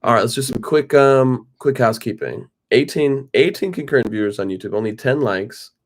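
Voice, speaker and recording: A man's voice: medium pitch, a little fast. A man co-hosting a casual livestream, playful and teasing as he chats with viewers. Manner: playful and teasing, lively delivery. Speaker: livestream co-host.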